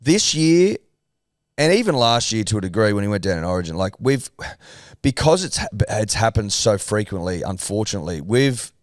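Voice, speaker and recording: A man's voice: lowish voice, sing-song, normal speed, no echo, studio quality. A man co-hosting a sports podcast, laddish, sweary and mock-earnest. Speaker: podcast co-host. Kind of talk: casual chat.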